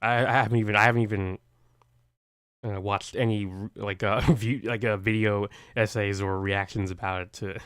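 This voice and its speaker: A man's voice: fairly low pitch, fairly even intonation, moderate pace, a bit bright, clean tone, dry recording. Rambling man co-host, dry sound. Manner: rambling, hesitant, laughing often. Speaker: stream co-host. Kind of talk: casual stream chat.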